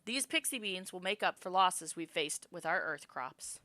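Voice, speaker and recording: A woman voicing a proud, brisk mother making public announcements to a crowd. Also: on the low side, lively intonation, bright, forceful tone, dry recording. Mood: serious.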